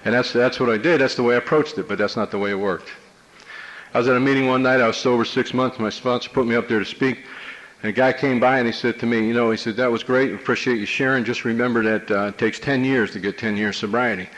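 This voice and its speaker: A man's voice: mid-range voice, fairly even intonation, fast, a bit bright, poor audio. A man from New Jersey telling his personal recovery story to a meeting, in a wry, streetwise, conversational manner. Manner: streetwise, wry, conversational with many "you know"s. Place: meeting room before an audience.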